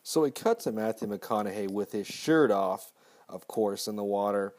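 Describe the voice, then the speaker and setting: A man's voice: on the low side, lively intonation, moderate pace, a little mellow. Rambling, foul-mouthed male host. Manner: profane, rambling. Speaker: podcast host. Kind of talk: casual movie recap.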